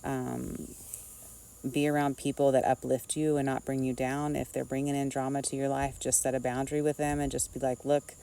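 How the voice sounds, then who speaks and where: A woman's voice: rumbling low, little pitch movement, normal speed, creaky, warm tone, clear, resonant tone, far from the mic, low-quality recording. A woman, a nurse, giving earnest, rambling spiritual advice in a casual vlog, recorded outdoors.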